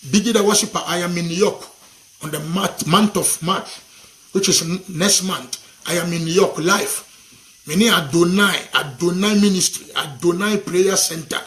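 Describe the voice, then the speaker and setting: A man's voice: sits high, normal speed, a bit bright, a little hiss or hum. A man with a Ghanaian accent preaching and making prophetic declarations, fervent and repetitive, leading call-and-response chants and mixing English with Twi phrases. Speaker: gospel worship minister.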